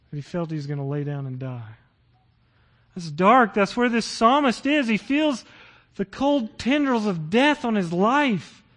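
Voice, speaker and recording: Earnest preaching man, fairly high voice. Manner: earnest, rising to impassioned reading of scripture. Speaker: pastor. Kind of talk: sermon.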